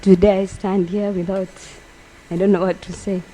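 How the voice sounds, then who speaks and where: A woman giving a funeral eulogy for her brother, halting and emotional, speaking softly. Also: medium pitch, flat delivery, a little hiss or hum, poor audio. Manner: halting, emotional, soft-spoken. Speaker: family member giving a eulogy.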